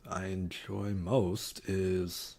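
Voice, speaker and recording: A man's voice: low voice, little pitch movement, extremely slow, vocal fry, darkish tone. A man streaming casually, reading quiz options aloud and muttering wry, sarcastic asides.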